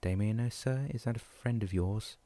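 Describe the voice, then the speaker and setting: A soothing, patient nurse speaking softly and low, as a male reader voices her. The storybook voice is mellow and dry. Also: normal speed, no room sound, lightly acted.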